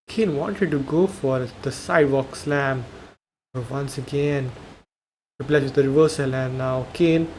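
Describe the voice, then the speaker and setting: A young man calls a video game match in a loose, chatty play-by-play. His voice sits a little higher than most men's, and he thinks out loud, often stopping to correct himself. A faint hiss of noise runs behind him. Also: low-quality recording. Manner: thinks aloud, self-corrects, rambling asides. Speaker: gaming commentator. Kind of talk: casual play-by-play commentary over a video game.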